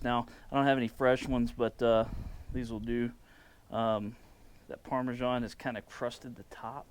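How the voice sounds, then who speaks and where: A man hosting a casual outdoor barbecue cooking vlog, enthusiastic and relaxed, with plenty of fillers. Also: mid-range voice, smooth. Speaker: barbecue cooking channel host. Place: outdoors at a smoker.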